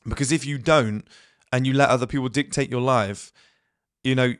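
Speaking at a medium pitch with fairly even intonation, this host records in studio quality with no room sound. He tells viewers he's ill while delivering a blunt motivational talk peppered with quick asides and acted-out quotes.

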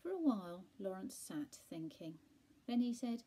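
Very breathy woman reading a bedtime story. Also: mid-range voice, sing-song, normal speed, poor audio. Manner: soft, with hushed asides to a listener.

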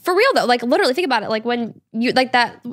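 A woman's voice: a little high, animated, quick pace, a bit bright, no echo, studio quality. A woman in her twenties, a guest on a podcast, chatting casually and rambling with lots of fillers. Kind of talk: casual chat.

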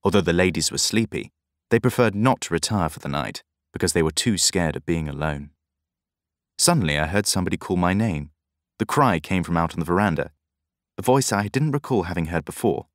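A man reading a novel aloud in measured first-person narration. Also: low voice, lively intonation, dry recording, clean studio sound. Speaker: audiobook narrator.

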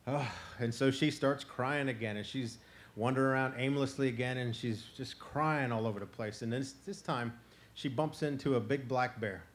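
Guy from florida telling a folk tale, chatty, animated, middle pitch. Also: moderate pace, slight background noise. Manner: conversational, animated, breaks into chanted song. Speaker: storyteller. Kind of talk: live oral folk storytelling.

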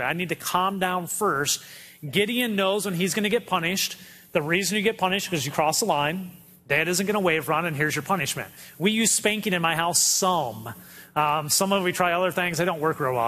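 A man's voice: sits high, sharp tone. A man in his thirties preaching a sermon in a conversational way, acting out quotes from his kids. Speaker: pastor. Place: church auditorium.

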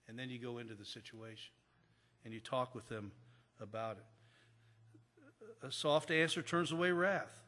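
A man's voice: medium pitch, a little slow, long pauses, pushed and bright. Earnest man preaching in a reverberant church. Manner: earnest, repeats phrases for emphasis. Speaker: pastor. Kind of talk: sermon. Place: church sanctuary.

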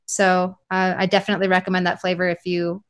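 A woman's voice: fairly low pitch, completely flat delivery, quick pace, clear, resonant tone. A woman co-hosting a casual mixing chat, rambling with many fillers and restarts. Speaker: e-liquid mixing podcast co-host.

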